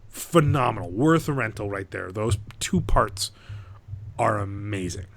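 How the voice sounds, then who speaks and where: Gravelly and on the low side, this man speaks a little slowly as a podcast co-host retelling a movie. He's energetic and casual, swears without restraint, and performs lines from the story.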